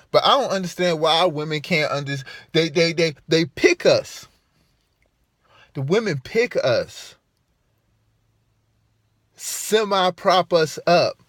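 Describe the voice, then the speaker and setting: A man talking straight to the camera in a fired-up monologue, his pitch a little high and swinging widely as he presses each point. He swears freely and circles back on the same phrases for emphasis. The sound is dry and close, with no room echo. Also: fairly bright tone. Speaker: vlogger.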